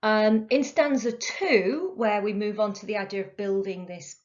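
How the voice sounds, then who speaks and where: A woman's voice: medium pitch, normal speed, a little hiss or hum. A woman teaching a recorded literature lesson, explaining step by step with frequent ums and uhs. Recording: dull lo-fi recording.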